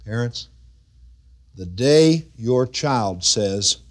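A man preaching a sermon, dropping to quiet appeals, then rising to loud, high exhortation and slow, drawn-out scripture reading. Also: animated. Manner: reads scripture aloud in slow, drawn-out phrases.

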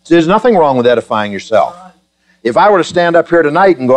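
A man's voice: fairly high pitch, very animated, fast talker. A man preaching a sermon to his congregation, joking with them in a chatty way and then building to fervent, emphatic preaching. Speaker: pastor.

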